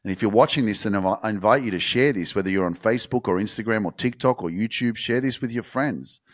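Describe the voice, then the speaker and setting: A man's voice: fairly low pitch, fast, fairly bright tone. A young man from Australia hosting a motivational podcast, talking bluntly and swearing freely.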